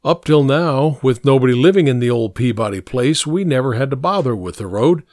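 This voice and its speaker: A man's voice: medium pitch, expressive, fairly quick, a little mellow, no room sound, clean studio sound, natural voice. A man doing a fussy old small-town tax assessor. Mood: officious. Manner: fussy, long-winded, counts points off.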